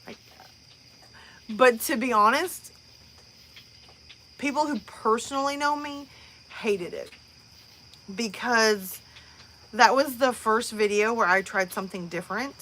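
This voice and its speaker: A woman's voice: fairly high pitch, slow, pauses often, a bit bright. A woman host chatting casually on a live stream, rambling with many fillers and restarts.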